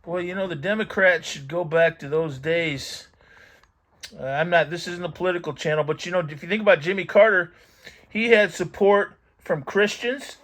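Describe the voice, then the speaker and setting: Middle-aged male host with a slightly high voice, reminiscing in loose, rambling commentary. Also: a little fast, fairly bright tone. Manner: rambling, reminiscing, thinking aloud. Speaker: vintage magazine collector channel host. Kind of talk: casual commentary while reading a magazine aloud.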